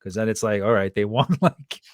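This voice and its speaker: Man, podcast host, fairly low voice, casual loose talk, dry close recording. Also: a little fast, dry recording. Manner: casual, relaxed talk with fillers. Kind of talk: conversational podcast interview.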